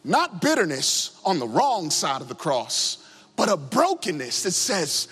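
A man delivers an impassioned sermon in a strikingly high, lively voice that swings up and down. He repeats his phrases for emphasis. His voice rings with a long reverb through a church sanctuary, with faint music underneath. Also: measured pace, breathy edge. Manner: impassioned, repetitive, rising and falling emphasis. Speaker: preacher.

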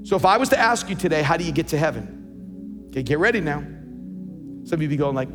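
A man's voice: a little high, lively intonation, moderate pace, in a large hall, over music. A man preaching a sermon as pastor, emphatic and repeating words as he builds his points.

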